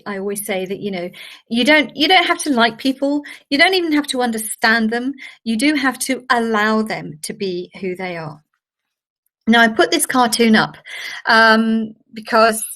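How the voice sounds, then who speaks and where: A woman's voice: fairly high pitch, fairly bright tone. An older woman giving a workshop masterclass, chatty and anecdotal with fillers. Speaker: workshop trainer. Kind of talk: online masterclass talk.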